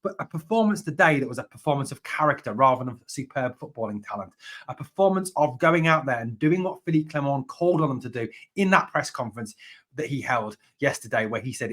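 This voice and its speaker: A man's voice: mid-range voice, fairly bright tone. A man hosting a fan channel, giving a passionate solo reaction to a football match, repeating points for emphasis.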